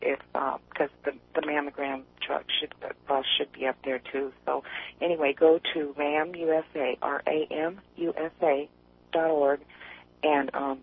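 A woman from East Tennessee calling into a radio show, chatty and rambling, quick to laugh. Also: low-pitched, flat delivery, husky. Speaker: caller. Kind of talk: casual call-in chat. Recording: tinny phone line.

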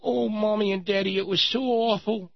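A man voicing a tearful nine-year-old girl who wails and tattles in a high, whiny voice. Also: fairly even intonation, normal speed, vocal fry, dry recording, dull audio. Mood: whiny tattling.

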